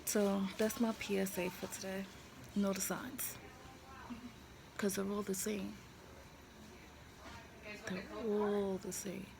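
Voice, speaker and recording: A woman with a gravelly, fry-edged voice talks straight into a handheld phone from a hospital room. She is candid and blunt, swinging into emotional, slangy storytelling, while steady noise from the room runs underneath. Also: mid-range voice, slow, pauses often. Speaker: vlogger. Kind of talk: candid personal storytelling to camera. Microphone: handheld phone camera. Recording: noisy room ambience.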